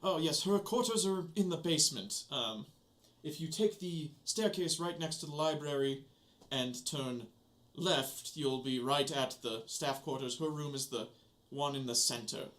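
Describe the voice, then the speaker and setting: A man's voice: fairly high pitch, measured pace, fairly bright tone. A man voicing a polite male manor steward giving directions. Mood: helpful.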